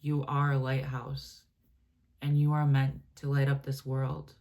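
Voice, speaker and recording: A woman giving a channeled spiritual reading, speaking gently and affectionately in a meandering way with many fillers and restarts. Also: a bass voice, completely flat delivery, unhurried. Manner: gentle, affectionate, addresses listener as my love and baby; meandering, filler-heavy, self-correcting. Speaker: channeled message reader.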